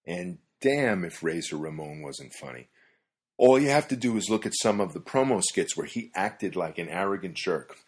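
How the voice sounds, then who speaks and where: A man's voice: sits low, lively intonation, moderate pace. A man hosting a podcast, reading scripted narration with wry, dry-humored storytelling. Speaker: podcast host.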